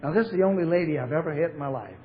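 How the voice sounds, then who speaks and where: A man's voice: fairly high pitch, expressive, rapid-fire. An older man from Portland, Oregon, giving a blunt, wry recovery talk to a convention audience in a large hall. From Portland, Oregon, USA. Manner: storytelling, blunt, wry humor with fillers. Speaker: AA speaker. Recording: echoey hall, phone-like narrow sound, faint hiss.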